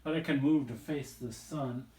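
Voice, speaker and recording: A man giving a relaxed recorded biology lesson, talking in a loose, unscripted way and pausing to sketch as he goes. His voice sits at an ordinary middle pitch. The room around him is noticeably echoey. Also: a little hiss or hum. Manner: casual, rambling, drawing while explaining. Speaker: biology teacher.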